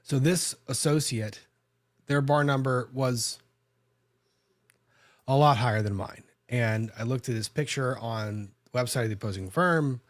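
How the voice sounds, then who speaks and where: A man talks through a courtroom story in relaxed podcast chat, stopping and restarting his sentences as he goes. His voice sits at a middle pitch. The recording is dry and close, with no room sound. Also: unhurried, dry recording. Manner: conversational, frequent restarts and self-corrections. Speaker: lawyer and podcast host.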